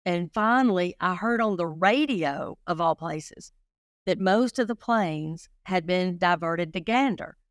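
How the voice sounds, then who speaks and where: A middle-aged woman appears as a guest investigator in a casual interview, her fairly low voice measured in pace and captured in clean studio sound with no echo. She's a lively storyteller who speaks straight to the listeners.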